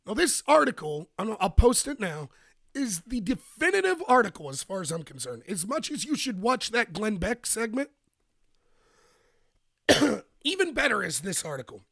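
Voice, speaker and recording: Animated, high-pitched male political streamer. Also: no room sound, studio quality. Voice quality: slightly rough voice. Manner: animated and emphatic, bursts of rapid speech. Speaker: political commentary host. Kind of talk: live-streamed political commentary.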